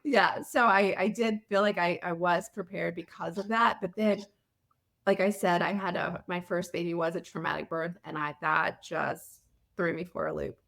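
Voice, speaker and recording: A woman's voice: fairly low pitch, steady tone, moderate pace, gravelly, a bit bright. A woman, a mother of twins, talking as a podcast guest with hesitant restarts. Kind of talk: casual conversation.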